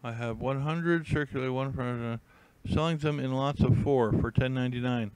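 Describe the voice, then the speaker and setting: A man's voice: medium pitch, normal speed, a little mellow, smooth, low-quality recording. A man hosting a casual live stream, rambling and thinking aloud with many fillers and restarts while he browses listings. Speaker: YouTube host.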